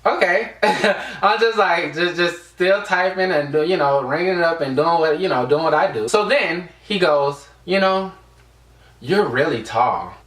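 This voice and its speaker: A man's voice: on the high side, normal speed, few pauses, a bit bright, recorded from a distance. Rambling young man, echoey room. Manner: rambling, lots of fillers. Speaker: vlogger. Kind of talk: casual storytime vlog. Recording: echoey room, away from the mic.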